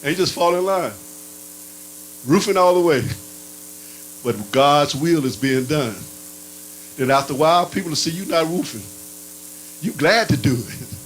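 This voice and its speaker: A man preaching a sermon in a playful, animated way, his pitch swinging up and down and sometimes breaking into barking sounds. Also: moderate pace, long pauses, a little hiss or hum, rough recording.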